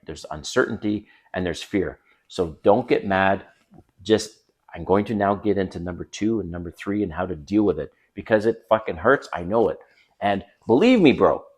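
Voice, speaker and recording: A man giving blunt, emphatic dating advice straight to camera, swearing casually as he coaches. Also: low voice. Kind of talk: direct-to-camera coaching talk. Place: home by a busy street.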